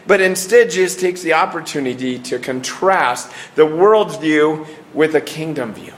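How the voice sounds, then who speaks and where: A man's voice: fairly high pitch, animated. A middle-aged man preaching a sermon in an earnest way, often restarting and trailing off at the ends of phrases. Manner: earnest, with many restarts and falling pauses.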